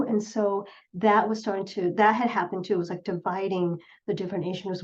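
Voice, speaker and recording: A woman's voice: mid-range voice, steady tone, brisk, hardly any pauses, a little mellow. A middle-aged woman, a clinical psychologist, giving an earnest presentation and telling patient stories with quoted voices. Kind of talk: presentation talk. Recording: slightly dull lo-fi sound.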